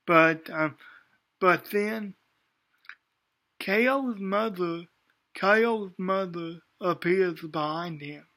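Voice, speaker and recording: A man's voice: high-pitched, extremely slow, pauses often, pushed and bright. A man giving a casual spoken anime review, hesitant, with many ums and restarts.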